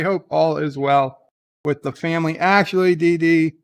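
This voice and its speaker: A man with a slightly raised pitch and a gravelly edge hosts a live stream. He chats casually and rambles, reading viewer comments aloud and answering them. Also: steady tone, moderate pace.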